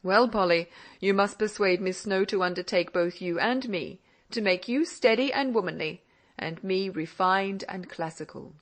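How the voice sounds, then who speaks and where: A woman's voice: medium pitch, moderate pace, natural voice. A woman voicing an older Scottish father who indulgently teases his daughter in an audiobook. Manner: indulgent and gently mocking. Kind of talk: audiobook character reading.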